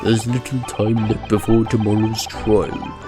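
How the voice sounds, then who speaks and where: A man voicing a stern, aloof nobleman who gives slow, clipped advice. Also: lowish voice, little pitch movement, close to an everyday voice. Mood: cold. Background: game music.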